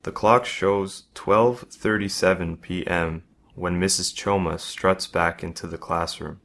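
Deep voiced guy slowly reading his own story out loud. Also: steady tone, gravelly. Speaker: narrator. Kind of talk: first-person story reading.

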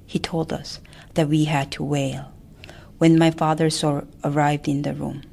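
A woman narrating a family memoir in a soft, often whispered voice. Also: low-pitched, little pitch movement, measured pace, creaky. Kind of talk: memoir storytelling.

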